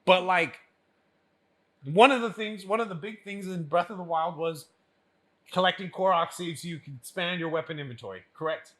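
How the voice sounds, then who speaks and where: A man co-hosting a casual podcast chat, animated and laughing often as he acts out what others say. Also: high voice, normal speed. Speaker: podcast co-host.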